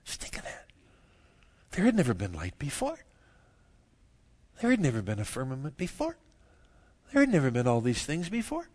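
A man preaching a sermon, moving from quiet, low stretches to loud, emphatic bursts and chuckling at his own jokes. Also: huge pitch swings, moderate pace, pauses often. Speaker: pastor.

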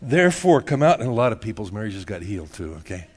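A man's voice: fairly low pitch, sing-song, quick pace, slightly rough. A middle-aged male pastor giving a casual, joking sermon, laughing often and tagging "man" onto his sentences.

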